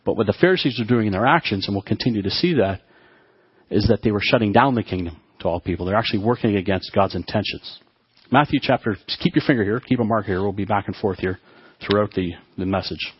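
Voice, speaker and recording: A man preaching a sermon to his congregation, often halting and restarting his words as he talks. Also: on the low side, breathy edge, no echo, highs cut off. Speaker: pastor.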